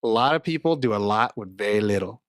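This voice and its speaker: A man co-hosting a casual podcast, animated and swearing freely as he acts out quotes. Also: lowish voice, fast talker, no echo, studio quality. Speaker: podcast co-host.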